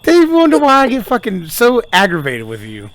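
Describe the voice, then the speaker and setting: Blunt, teasing man with a lively voice. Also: sits high, normal speed. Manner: blunt, teasing, swears freely. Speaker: podcast co-host. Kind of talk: casual chat. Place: front porch.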